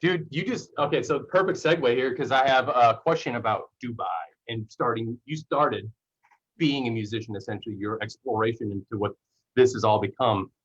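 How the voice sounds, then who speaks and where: A man hosts a casual podcast and speaks earnestly, often restarting his sentences. His voice is husky and mid-pitched. The audio is dull and lo-fi. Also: moderate pace. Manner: earnest, rambling, many restarts. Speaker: podcast host.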